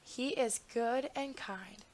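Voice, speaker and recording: A woman reading a storybook, playing a gentle, earnest young princess. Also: on the high side, slow pace. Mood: pleading.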